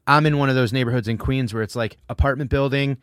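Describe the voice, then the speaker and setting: A man's voice: medium pitch, fairly even intonation, fast, fairly bright tone, smooth, no echo, clean studio sound. A middle-aged man, hosting a casual chat, joking and swearing freely. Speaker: host.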